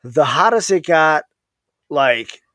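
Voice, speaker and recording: A man's voice: a little high, lively intonation, slow, a bit bright, no echo, studio quality. A man, an Army veteran guest, telling war stories in casual podcast chat in a laid-back, profane way.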